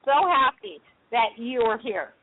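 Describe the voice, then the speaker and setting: A woman hosting a radio show, talking in a soft, hesitant way with many fillers. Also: fairly high pitch, animated, unhurried, a little hiss or hum. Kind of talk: casual radio talk. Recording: dry, tinny phone line.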